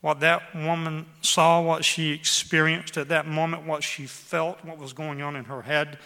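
Bright-voiced male preacher in a reverberant hall. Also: on the high side, flat delivery, creaky. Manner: reads scripture aloud with dramatic emphasis, slowing on key words. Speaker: pastor. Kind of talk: sermon. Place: church hall with a congregation.

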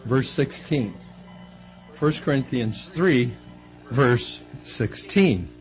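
Lively-voiced man preaching a sermon. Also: measured pace, highs cut off, faint music behind. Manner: animated, acting out quoted voices with rising pitch. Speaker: pastor.

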